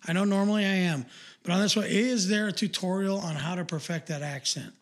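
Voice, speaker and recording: A man's voice: high-pitched, steady tone, fairly quick. A man co-hosting a podcast in casual live-stream chat, rambling bluntly with lots of fillers and swearing. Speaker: podcast co-host.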